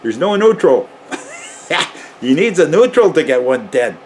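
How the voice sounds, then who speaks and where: A man who works as an electrician talks slowly and unhurriedly in a casual how-to vlog. He rambles and chuckles as he goes, getting excited about his subject. Faint noise hums behind him. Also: on the high side. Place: garage.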